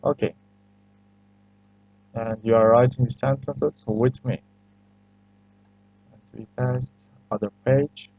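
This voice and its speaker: Slow, patient man with a Turkish accent. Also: medium pitch, fairly even intonation, gravelly, warm tone. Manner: patient, hesitant, repeats phrases for learners. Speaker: language teacher. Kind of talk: screen-recorded language lesson. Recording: slightly muffled lo-fi recording.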